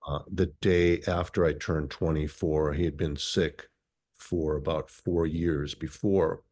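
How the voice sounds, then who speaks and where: A man around sixty from Minnesota, guest in an interview. He recounts his life story in a thoughtful, philosophical way, with a notably deep, low voice. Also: steady tone, unhurried, a little mellow. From Minnesota, USA.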